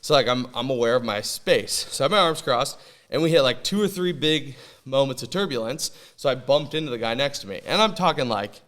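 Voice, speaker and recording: A man's voice: mid-range voice, lively intonation, a little fast, fairly bright tone. A man co-hosting a podcast who tells a story in a casual chat, with lots of fillers. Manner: chatty storyteller with frequent fillers. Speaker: podcast co-host.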